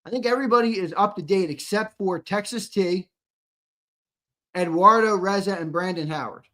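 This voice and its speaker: A man's voice: sits high, moderate pace, sharp tone. Chatty young guy reading live chat. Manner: loose, swearing, repeats lines, banters with chat. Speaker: co-host of a fan show. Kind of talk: casual live-stream chat reading comments.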